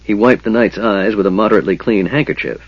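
A man reads fantasy narration in a steady, measured way. His voice is low and husky. The recording is dry and slightly dull. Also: no room sound. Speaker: audiobook narrator.

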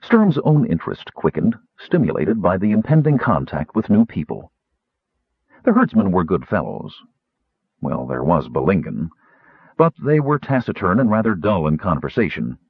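Low, husky male audiobook narrator. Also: moderate pace, no room sound. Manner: lively, expressive reading. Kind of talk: scripted narration. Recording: thin phone-like dry audio.

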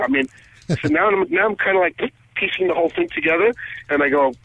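A male guitarist guest telling stories over the phone, acting out quoted conversations with lively energy. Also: sits high, quick pace, husky. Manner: animated, acts out quoted conversations. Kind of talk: phone interview storytelling. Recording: tinny phone line.

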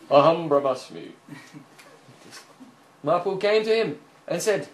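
Animated preacher with roomy echo. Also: male voice, high voice, takes it slowly, pauses often. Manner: animated storyteller, frequent "hmm?" checks, chuckles. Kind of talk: sermon storytelling. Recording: echoey room, faint hiss.

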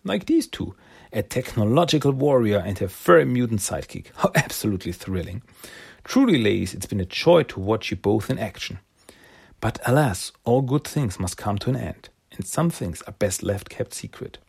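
Picture a theatrical villain who savors chaos, as a man puts him on while retelling a comic. His speech is grand and mock-courtly, soft and a touch husky in tone. It sounds like a fan recapping a comic aloud. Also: lowish voice, big pitch swings, normal speed, heavily acted. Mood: gloating.

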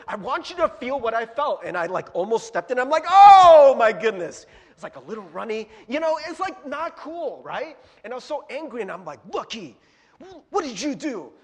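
Pastor guy giving a laid-back chatty sermon, high voice that jumps around a lot, big hall echo. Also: fairly bright tone. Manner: casual, chatty, asks the audience questions, laughs often. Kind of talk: conversational sermon. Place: church hall with a projector.

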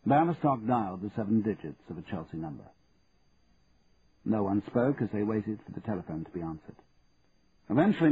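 A man narrating an audiobook in a steady, measured reading. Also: on the low side. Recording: tinny narrow band, faint hiss.

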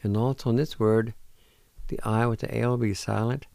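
A man hosting a radio language lesson who patiently spells words out letter by letter and sounds out each syllable, gently encouraging learners not to give up. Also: fairly low pitch, fairly even intonation, normal speed, gravelly, no echo. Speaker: radio host teaching language.

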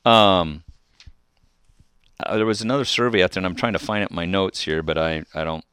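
A man's voice: deep voice, fairly quick, a bit bright, clear, resonant tone, no echo, clean studio sound. A middle-aged man hosting a call-in radio show on faith, talking earnestly and exhorting listeners, often restarting his phrases.

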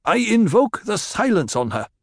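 A scornful desert warrior spits out his challenges, pitched well up and loud, as a male narrator puts him on. The sneer comes through in a dry, close recording with no room sound at all. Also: sing-song, normal speed, no echo. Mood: defiant.

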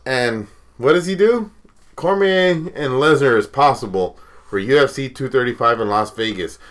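A man's voice: mid-range voice, normal speed, a bit bright. A man co-hosting a podcast in casual chat, profane and trash-talking, laughing often. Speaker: podcast co-host.

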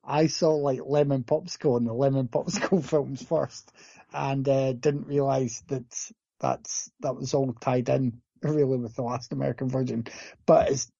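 Gravelly, husky man from the UK. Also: mid-range voice, fairly even intonation, normal speed, warm tone, no room sound, dull audio. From United Kingdom. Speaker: film reviewer. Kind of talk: casual movie review chat.

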